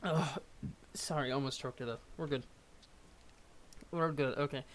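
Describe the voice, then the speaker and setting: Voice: mid-range voice, steady tone, unhurried, noisy background. A young adult streamer rambling at home while reading a webcomic live. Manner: rambling, self-deprecating. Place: at home, under a blanket.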